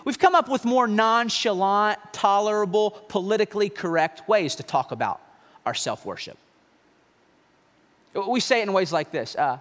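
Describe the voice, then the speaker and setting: A man preaching a sermon as pastor, conversational and animated, with mocking asides. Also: high-pitched. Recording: long hall reverb.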